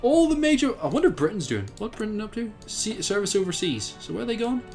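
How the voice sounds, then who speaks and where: Young Irish guy, gameplay commentator: chatty, animated, a bit high-voiced, faint music bed. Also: quick pace, gravelly. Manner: chatty, thinking aloud, laughs often, bursts of excitement. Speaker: game commentator. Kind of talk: casual let's-play commentary.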